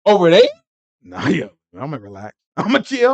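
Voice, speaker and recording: A man teaching a Sabbath Bible lesson in an animated, rambling way, laughing often and breaking into emphatic asides. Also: fairly high pitch, moderate pace.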